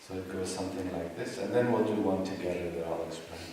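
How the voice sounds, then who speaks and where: A man giving a devotional talk as a meditation teacher, soft-spoken and unhurried, explaining and leading chants. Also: low-pitched, steady tone, background noise. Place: yoga retreat hall. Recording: echoey hall from far off.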